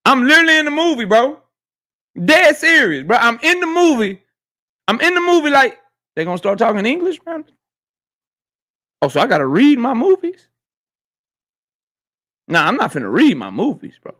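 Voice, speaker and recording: A man's voice: very high voice, big pitch swings, normal speed, long pauses, bright, forceful tone. A man hosting a casual livestream, talking in loose slang and answering viewers' chat messages. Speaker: host of a boxing talk livestream.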